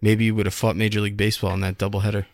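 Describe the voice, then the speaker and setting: A man's voice: on the low side, flat delivery, racing, creaky, darkish tone, no echo, studio quality. A man co-hosting a casual sports podcast, arguing and teasing the other hosts. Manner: argumentative, teasing. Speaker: podcast co-host.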